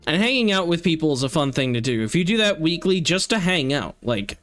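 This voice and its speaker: A man's voice: a little high, sing-song, brisk, a bit bright, faint music behind. A young man who streams games, chatting casually and rambling with lots of filler words. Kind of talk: casual chat while streaming a game.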